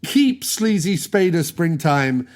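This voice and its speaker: Speaking slowly with big swings in pitch, a man with a slightly high voice hosts a podcast. He keeps things playful and jokey, wandering between tangents as he talks into the mic.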